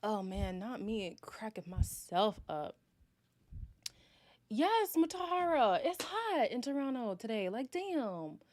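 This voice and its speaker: A woman's voice: mid-range voice, big pitch swings, unhurried, hardly any pauses, darkish tone, dry recording. A woman hosting a casual livestream, reading and answering viewer chat, chatty and self-mocking and laughing often.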